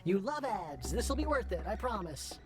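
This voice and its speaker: A woman's voice: medium pitch, very animated, moderate pace, natural voice. A woman voicing a chipper AI detective assistant in a comedy game, with a bubbly, upbeat way of talking. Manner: bubbly, upbeat, cheerily scoring. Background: game music.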